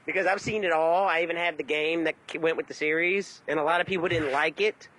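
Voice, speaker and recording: A man with a fairly high, bright voice, co-hosting a casual podcast. He rambles and restarts his sentences as he explains things at length. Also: steady tone, quick pace, poor audio. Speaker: podcast co-host.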